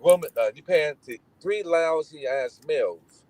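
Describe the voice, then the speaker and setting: A middle-aged man from Indiana tells family stories in a relaxed, casual way. His voice sits a little high and stays lively, slipping into the voices of people he describes. The recording is close and dry. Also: slow, no room sound, rough recording. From Gary, Indiana, United States. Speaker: guest. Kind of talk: casual storytelling.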